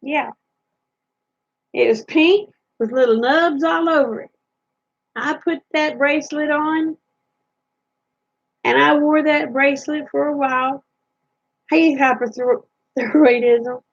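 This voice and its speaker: A woman's voice: high-pitched, fairly even intonation, takes it slowly, vocal fry, pauses often, muffled recording. A woman vlogger telling funny stories from her childhood in a folksy, chatty way. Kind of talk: casual storytelling.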